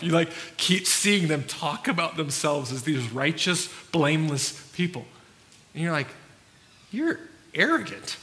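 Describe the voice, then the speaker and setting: A man's voice: fairly high pitch, pushed and bright, in a large hall. A man preaching a sermon as pastor, talking casually with fillers and restarts.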